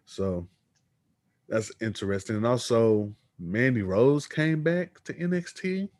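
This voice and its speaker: A man talks wrestling in a relaxed podcast chat, reading out quotes in an easy, unhurried way. His voice sits at a middle pitch. The recording is dry and close, with no room sound. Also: no echo. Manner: reads news quotes aloud, easygoing. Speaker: podcast co-host.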